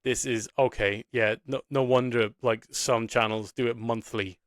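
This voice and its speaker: A man with a mid-pitched voice co-hosting a laid-back podcast. He chats easily, peppering his talk with fillers, and his voice sounds dry and close. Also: fairly even intonation, normal speed, dry recording. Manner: chatty, many fillers like "yeah, no". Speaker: podcast co-host. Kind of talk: casual podcast chat.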